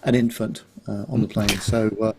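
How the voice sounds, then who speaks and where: A man's voice: lowish voice, little pitch movement, normal speed, noisy background. A man from the United Kingdom, co-hosting a podcast, talking in a hesitant, dry-humoured way. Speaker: podcast co-host. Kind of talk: casual chat.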